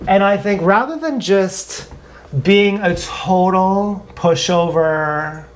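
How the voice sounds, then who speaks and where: A woman talking in a rambling, improvised livestream monologue, blunt, sarcastic and mocking herself. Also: fairly low pitch. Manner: wandering, half-improvised talk. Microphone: action camera.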